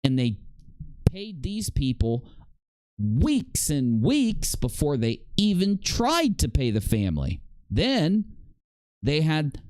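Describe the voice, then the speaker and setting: A male commentary host who talks with sarcasm and indignation. His pitch rises and falls in wide, animated swings. The recording is dry and close, with no room echo. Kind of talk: drama commentary.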